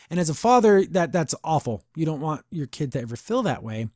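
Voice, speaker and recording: A man's voice: on the high side, sing-song, fairly quick, few pauses, a little mellow, no room sound, clean studio sound. A man hosting a podcast, casually reviewing an episode, rambling and laughing often. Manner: chatty, rambling, laughs often, says "I don't know" a lot. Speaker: podcast host.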